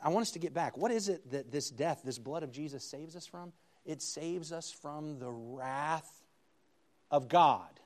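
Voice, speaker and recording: A man preaching a sermon, reading scripture aloud with slow dramatic emphasis and rising to loud, emphatic peaks. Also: fairly high pitch.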